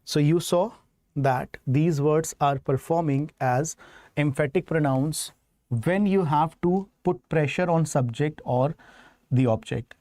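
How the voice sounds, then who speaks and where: A man's voice: a little high, mellow, no echo. A man with an Indian English accent, teaching English grammar in an online exam-prep lesson, explaining step by step and checking that students follow.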